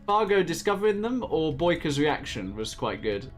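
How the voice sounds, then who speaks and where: A man's voice: fairly high pitch, sing-song, moderate pace, faint music behind. A man, casting a strategy game tournament in a chatty, laughing commentary style. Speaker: game caster. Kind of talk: casual esports commentary.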